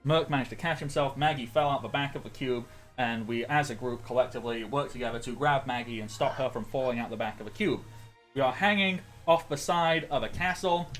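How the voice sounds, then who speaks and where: A man's voice: medium pitch, a little fast, fairly bright tone, faint music behind. A man giving a casual, rambling recap of a tabletop role-playing session, full of ums and self-corrections.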